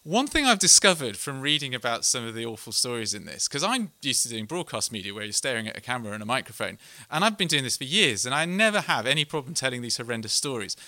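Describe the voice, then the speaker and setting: Middle-aged English man, earnest author reading aloud at a live talk; bright, lively delivery, close and dry. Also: mid-range voice, fast, few pauses, no room sound. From England. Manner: earnest, candid, self-deprecating, with restarts. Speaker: author giving a book talk.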